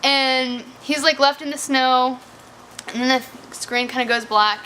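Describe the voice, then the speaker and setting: A woman with a bright, slightly high voice recaps a film in loose, casual chat. She swears freely and leans on "like" as she rambles through the story. Faint noise sits under the recording. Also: steady tone, measured pace. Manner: chatty, profane, heavy use of "like". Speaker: movie reviewer.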